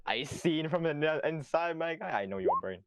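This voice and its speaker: A man's voice: a little high, expressive, normal speed, smooth. A man playing in a tabletop game, teasing the other players in a casual, playful way.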